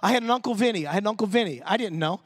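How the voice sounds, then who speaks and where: A middle-aged man from Pittsburgh preaching a sermon in an animated, storytelling, street-talking way. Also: sits high, very fast, no room sound.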